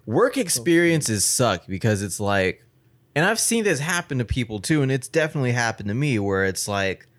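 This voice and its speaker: A man's voice: medium pitch, sing-song, moderate pace, a bit bright. A young man in casual chat, telling work stories in a laid-back, slangy way with plenty of swearing.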